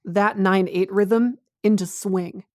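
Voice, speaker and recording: A woman's voice: medium pitch, fairly even intonation, slow, a little mellow, dry recording, clean studio sound. A woman in casual podcast chat, explaining her music work in a wry way.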